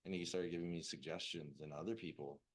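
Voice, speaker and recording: Deep-voiced man telling a rambling story. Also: steady tone, fast talker, slightly rough. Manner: loose and rambling, heavy fillers and swearing, bursts of laughter. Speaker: recovery meeting speaker. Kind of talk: personal recovery story, casual.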